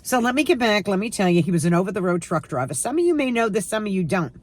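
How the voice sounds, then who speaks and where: A woman's voice: medium pitch, very animated, fast talker. A woman in her sixties chatting casually to camera at home, sarcastic and emphatic as she tells stories. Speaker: lifestyle vlogger.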